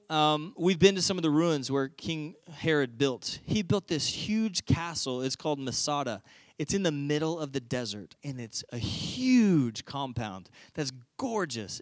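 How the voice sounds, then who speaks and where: A man preaching with a high-pitched voice, telling the story in a casual, animated way. The sound is dry and close, with no room echo. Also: moderate pace. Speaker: pastor. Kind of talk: sermon.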